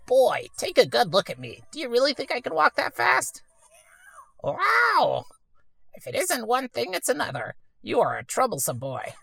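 Woman doing a snooty raspy talking hat, bossy and prim, voice swooping all over. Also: on the high side, huge pitch swings, moderate pace, a bit bright, no room sound, pitched above the performer's own voice, exaggerated voice. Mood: huffy. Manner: prim, lecturing, old-fashioned phrasing. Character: haughty male talking hat, fussy and condescending. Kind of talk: let's-play voice acting.

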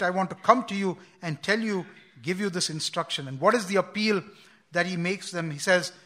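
A man's voice: high voice, bright, forceful tone. A man preaching a sermon, earnest and repeating words as he quotes scripture with emphasis.

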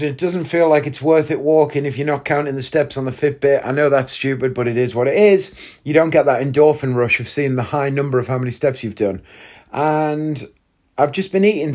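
A man's voice: medium pitch, darkish tone. A man hosting a casual solo podcast, chatty and self-mocking, laughing at his own jokes. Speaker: podcast host.

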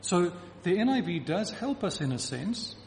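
A man's voice: high-pitched, big pitch swings, moderate pace, darkish tone, a little hiss or hum. A man preaching a sermon to a congregation, emphatic and repeating key phrases to drive his point home. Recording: reverberant hall with faint ambience.

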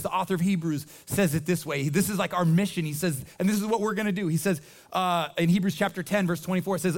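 A man preaching as a pastor in a conversational, animated way, often restarting his sentences. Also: high-pitched, quick pace. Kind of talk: sermon.

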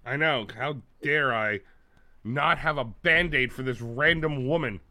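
A man's voice: mid-range voice, unhurried, crowd noise. A man co-hosting a podcast, telling stories in a casual comedic chat and swearing freely. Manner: animated storyteller, mimics people loudly. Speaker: podcast co-host.

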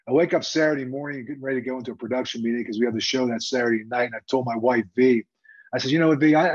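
A former coach turned TV analyst tells his story with a husky, breathy edge to a mid-pitched voice. He talks in an animated, casual way full of fillers. The recording sounds dull and lo-fi. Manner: animated, conversational, with frequent fillers. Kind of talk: storytelling interview answer.

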